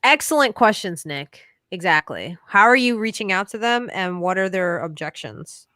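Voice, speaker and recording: A woman's voice: medium pitch, animated, moderate pace, bright, forceful tone, no echo, studio quality. A woman hosting a casual livestream Q&A, upbeat and chatty, calling her guest "bro.". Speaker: livestream host.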